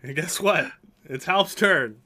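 A man's voice: fairly high pitch, animated, slow pace, sharp tone. A man narrating a tabletop game as game master, loose and laughing, with casual swearing.

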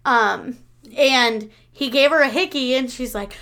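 Her voice sits high and her pace is moderate as this thirty-something woman co-hosts a laid-back podcast. Storytelling is her mode: she laughs her way through each tale and livens up when quoting others.

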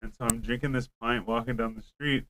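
A man's voice: medium pitch, fairly even intonation, fairly quick, noisy background. A young man, telling stories in a rambling casual chat with friends, packing his talk with filler words and swearing. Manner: rambling storytelling, heavy "like" filler, frequent swearing.

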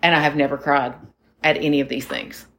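Chatty woman in her forties, lowish voice. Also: fairly even intonation, brisk, creaky, fairly bright tone. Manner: rambling, chatty storyteller who talks to listeners directly. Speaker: podcast co-host. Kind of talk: casual chat.

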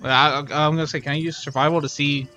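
A man's voice: a little high, little pitch movement, fast, bright, forceful tone, slight background noise. A man playing in a tabletop game, talking through plans in a matter-of-fact way. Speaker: player. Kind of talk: casual tabletop game play.

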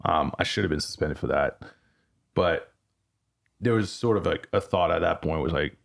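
A man's voice: sits low, normal speed, vocal fry. A man being interviewed on a podcast. He tells a candid, profane story, rambling and restarting his sentences. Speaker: podcast guest.

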